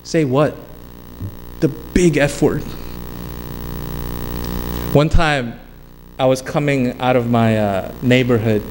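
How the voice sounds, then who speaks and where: A male pastor with a medium-pitched voice preaches slowly in a steady tone, leaving long pauses. His sermon is emphatic and repetitive, drifting into casual storytelling asides, with long hall reverb and faint background noise.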